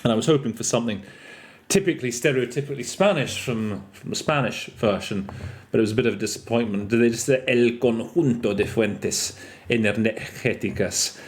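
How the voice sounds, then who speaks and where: A man's voice: medium pitch, fairly quick. A man hosting a podcast lesson on interpreting vocabulary, chatty and self-correcting, mixing in French and Russian terms. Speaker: interpreter trainer. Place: lives in France.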